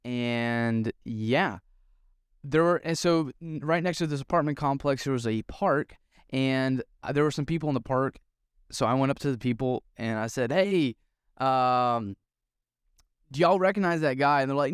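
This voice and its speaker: Young guy rambling through a story on his podcast, smooth voice, dry close mic. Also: medium pitch, animated, normal speed, dry recording. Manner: chatty, self-deprecating, many ums. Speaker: podcast host. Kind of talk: casual storytelling monologue.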